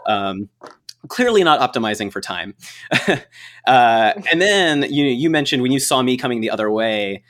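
A man in casual chat, telling a lively story with lots of filler words and frequent laughs. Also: medium pitch, moderate pace. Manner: rambling, filler-heavy, laughs often.

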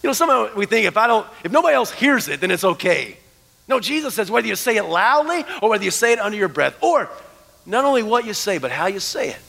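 A man preaching a sermon as pastor, animated, dropping to hushed tones for emphasis. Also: sits high, quick pace, creaky. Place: church sanctuary. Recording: long church hall reverb.

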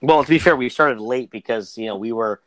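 A man's voice: medium pitch, brisk, a bit bright, rough recording. A man co-hosting a podcast, chatting casually with friends, rambling and joking with frequent restarts. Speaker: podcast co-host. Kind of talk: casual banter among friends.

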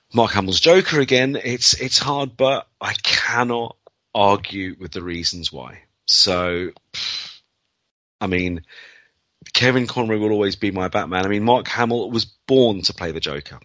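A man's voice: deep voice, a bit bright, no echo, highs cut off. A man hosting a casual podcast chat, talking in an emotional, playful way. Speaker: podcast host.

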